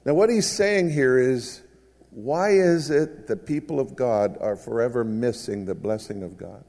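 Preacher with long hall reverb. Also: male voice, medium pitch, measured pace, vocal fry, a little mellow. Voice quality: conversational with asides. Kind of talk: sermon.

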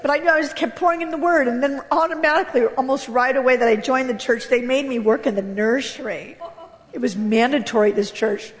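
A woman giving an animated church testimony, acting out quotes and laughing as she tells her story. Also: high-pitched, a little fast. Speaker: speaker sharing her testimony. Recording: long reverb of a large hall.

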